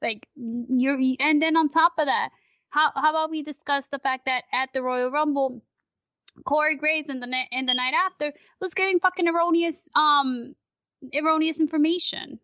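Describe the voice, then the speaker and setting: A woman with a high, bright voice rants animatedly and swears freely in casual podcast chat. Her voice sits high above most women's. The recording is dry and dull, with a lo-fi sound. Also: fairly even intonation, moderate pace, dry recording. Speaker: podcast guest.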